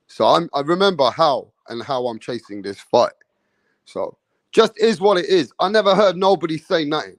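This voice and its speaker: A man's voice: a little high, lively intonation, normal speed, dry recording. A man hosting a casual boxing livestream, greeting viewers in the chat by name in slangy talk.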